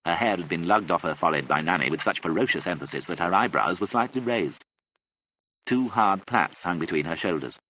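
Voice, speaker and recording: Man narrating audiobook, bright tone, low pitch, expressive. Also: slight background noise, low-quality recording. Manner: expressive, measured storytelling. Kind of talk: scripted narration.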